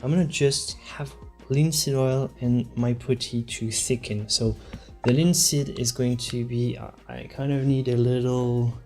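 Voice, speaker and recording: Slow-talking painter streaming live. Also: male voice, medium pitch, steady tone, mellow, faint music behind. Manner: thinks aloud, halting, chatting with viewers. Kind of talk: casual live-stream chat while painting.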